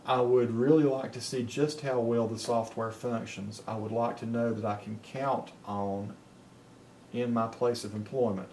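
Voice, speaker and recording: A man with a Southern Appalachian accent dictating to software and reviewing it in a plain, folksy way, thinking out loud. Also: mid-range voice, steady tone, a little slow, slight background noise. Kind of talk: casual dictation test and review.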